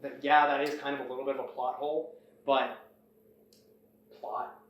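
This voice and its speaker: A man's voice: mid-range voice, moderate pace, a little hiss or hum. A man casually retelling a story, rambling along and acting out the characters' lines. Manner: rambling, animated retelling with acted-out quotes. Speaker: host. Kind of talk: casual plot recap. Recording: echoey room, far from the mic.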